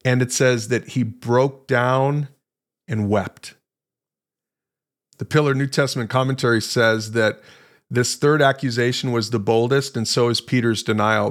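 A man teaches from the Bible on a podcast, his voice sitting in an ordinary middle pitch. He tells the story with animated emphasis and acts out the quoted lines. He keeps a conversational tone and speaks straight to his listeners. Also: a little slow. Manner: conversational, addresses listeners directly.

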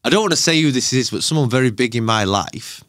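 A man's voice: medium pitch, fast talker, dry recording, studio quality. A man talking casually as a podcast guest, telling stories with lots of life and acting out the lines of others as he quotes them. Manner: animated storyteller, acts out quoted exchanges.

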